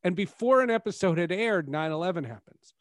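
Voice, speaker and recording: A male podcast host with a slightly high voice, talking in a casual, rambling way. The recording is dry and close, with no room sound. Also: animated, fairly quick, no room sound. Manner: rambling, restarts mid-thought. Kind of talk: casual interview chat.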